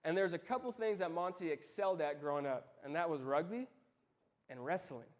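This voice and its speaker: High-voiced young man giving a youth talk. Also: fairly quick. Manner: lively storytelling, talks straight to the listeners. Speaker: youth ministry speaker. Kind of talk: casual youth sermon.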